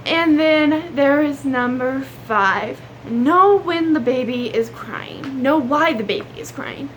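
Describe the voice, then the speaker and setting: A young woman with a drawl talks to her viewers in a casual, earnest advice vlog. Her voice sits high and bright in pitch. A faint hum of room noise runs underneath. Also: animated, slow. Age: young adult. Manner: chatty, earnest, drawling with y'all. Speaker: vlogger.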